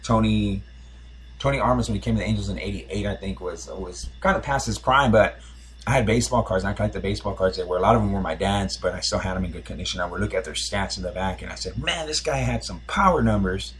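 A man's voice: sits low, steady tone, fast talker, slight background noise. A man in his forties, a podcast host, telling a rambling, nostalgic story in casual chat, full of fillers and restarts.

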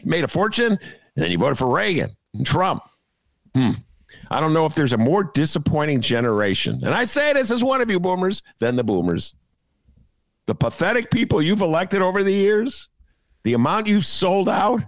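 A gravelly older man riffs on the news with big swoops in his voice, jokey and full of asides. He sounds close and dry, with no room around him. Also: on the high side, normal speed, no room sound. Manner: jokey and animated, riffing with asides. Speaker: podcast co-host. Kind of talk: casual political commentary.

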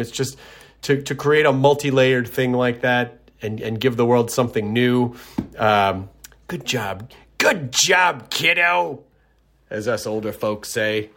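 A man's voice: mid-range voice, fairly even intonation, moderate pace. A man from Tennessee hosting his own podcast, talking in a rambling, self-correcting, friendly way. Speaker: podcast host. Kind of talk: casual podcast intro.

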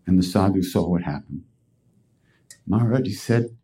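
Male podcast host, low warm voice, casual rambling storyteller. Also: expressive, normal speed, pauses often, breathy edge. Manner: casual, rambling, with fillers and restarts. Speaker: podcast host and spiritual teacher. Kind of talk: storytelling talk.

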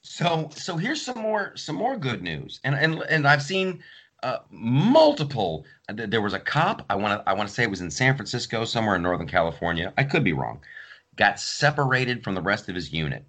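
In a mid-range voice at a slightly fast clip, a male podcast host tells stories in a casual chat. He's animated, acting out the people in his tales and performing their quotes.

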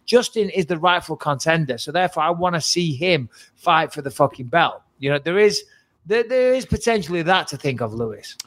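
A man's voice: on the high side, fairly quick. A man co-hosting a podcast in casual banter, swearing freely and joking around. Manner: profane, joking, lively. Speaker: podcast co-host.

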